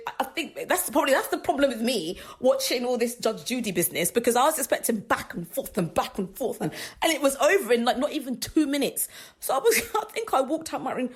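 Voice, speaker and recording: Lady hosting a gospel radio show, slightly husky voice, chatty storytelling with lots of laughs. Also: a little high, fast. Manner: animated, acts out quoted dialogue, laughs often. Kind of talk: personal storytelling monologue.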